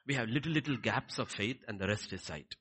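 A man preaching a sermon, swinging between quiet lines and loud, emphatic ones. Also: on the low side, a little fast, breathy edge. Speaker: pastor.

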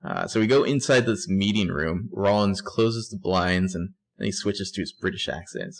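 A man's voice: sits low, normal speed, gravelly. A man co-hosting a casual TV recap podcast, narrating scenes bluntly and swearing often. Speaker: podcast co-host.

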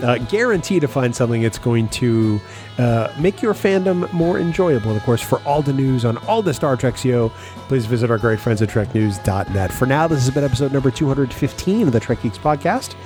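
A man's voice: medium pitch, lively intonation, fairly quick, music in the background. Dry teasing podcast host man. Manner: dry, teasing, some hesitant fillers. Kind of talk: casual podcast banter and show outro.

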